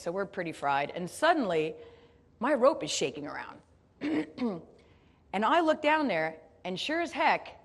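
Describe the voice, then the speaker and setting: A woman from the United States giving a motivational keynote, telling a story in an animated, playful, self-deprecating way and speaking straight to her audience. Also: mid-range voice.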